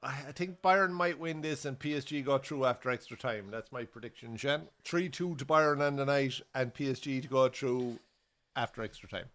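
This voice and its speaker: A man's voice: mid-range voice, normal speed, fairly bright tone. Irish man swearing through pub banter. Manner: swears freely, tells jokes with voiced characters. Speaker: co-host. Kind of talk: casual pub chat and football commentary. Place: bar during a live match.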